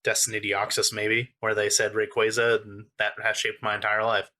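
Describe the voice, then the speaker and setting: A man's voice: fairly low pitch, monotone, moderate pace, pushed and bright. A young American man hosting a podcast, chatting casually and laughing often between remarks. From United States. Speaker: podcast host. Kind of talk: casual chat.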